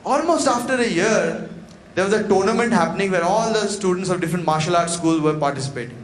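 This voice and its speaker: A man's voice: high-pitched, animated, fast talker. A man giving a motivational talk, telling a story dramatically and acting out its dialogue in a large event hall. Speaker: motivational speaker. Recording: echoey hall with faint noise.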